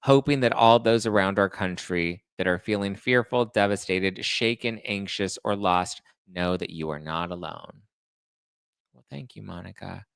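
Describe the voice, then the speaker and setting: A man with a lowish, gravelly voice chats through viewer comments as a show host. He keeps it sarcastic and animated, and the close, dry sound has almost no room in it. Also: measured pace, no echo. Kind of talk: casual chat reading viewer comments.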